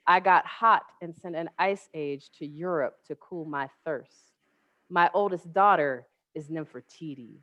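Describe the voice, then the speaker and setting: A woman reciting poetry as a proud, boastful Buddha who is a beautiful woman. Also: deep voice. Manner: grand, boastful declamation. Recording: dry, dull lo-fi webinar audio.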